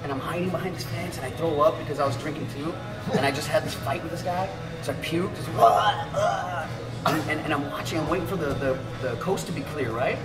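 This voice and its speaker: Profane, animated man telling a story. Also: a little high, fast, roomy sound, far from the mic, over loud music. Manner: profane and animated, acts out voices. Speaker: guest, jiu-jitsu fighter. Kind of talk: casual storytelling.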